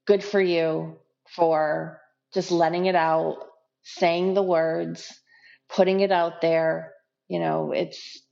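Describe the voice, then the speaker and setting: Woman guest, deep creaky voice, unhurried, slightly muffled recording. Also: a little mellow. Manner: slow, thoughtful, emotional. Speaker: podcast guest. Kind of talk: casual conversational reflection. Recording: dull lo-fi recording.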